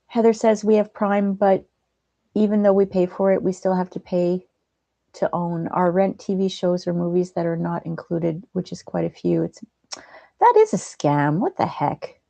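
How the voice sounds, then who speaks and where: A woman hosting a livestream, chatting gently and reading out viewers' comments. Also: fairly low pitch, moderate pace, creaky, no room sound. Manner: soft-spoken, gentle, chatty. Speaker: livestream host.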